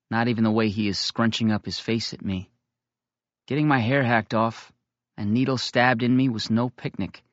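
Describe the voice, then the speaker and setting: A man reading a novel aloud in first person, with steady, measured storytelling. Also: lowish voice, no room sound, muffled recording. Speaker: audiobook reader.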